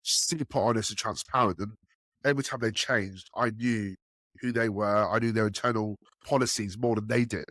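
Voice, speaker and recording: At a moderate pace, this man shares enterprise sales tales in a casual podcast, animatedly impersonating the people involved with a raised pitch. The recording is dry and the studio sound clean.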